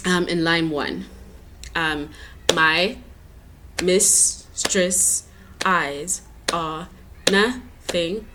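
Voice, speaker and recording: A woman's voice: low voice, background noise. A woman from South Africa explaining a poem step by step for exam prep, with many fillers and restarts. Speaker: English teacher.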